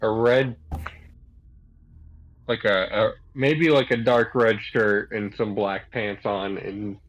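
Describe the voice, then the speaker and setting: A man's voice: on the low side, steady tone, slow, highs cut off. A man playing a tabletop game, chatting casually and describing his character with a lot of hesitation. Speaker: player.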